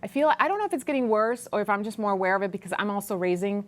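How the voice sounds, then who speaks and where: A woman's voice: medium pitch, expressive, very fast. A woman in her thirties hosting a casual live-stream chat, speaking frankly and with jokes while reading viewers' comments aloud.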